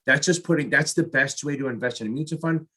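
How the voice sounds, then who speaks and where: A middle-aged man with a bright, forceful tone and a husky edge reads practice exam questions aloud and reasons through each answer on the spot. He jokes at his own expense and chats to himself as he works. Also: fairly high pitch, fast. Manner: jokey, self-mocking, talks to himself while solving. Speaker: exam prep tutor.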